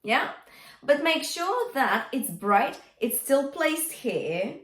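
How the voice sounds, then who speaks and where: A woman's voice: high voice, big pitch swings, slow, fairly bright tone, reverberant, far from the mic. A woman coaching a singing lesson, explaining technique and singing lines to show it, encouraging her students with a coaxing "yeah?". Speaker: vocal coach. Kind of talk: singing lesson with sung demonstrations.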